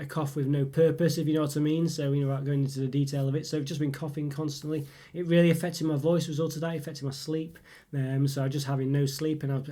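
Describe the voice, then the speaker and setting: Male host, fast rambling vlog chat, slightly higher voice, still a bit rough from a cold. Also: darkish tone. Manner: rambling, many fillers and restarts. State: lingering cough, voice still rough. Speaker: channel host. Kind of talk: casual update chat.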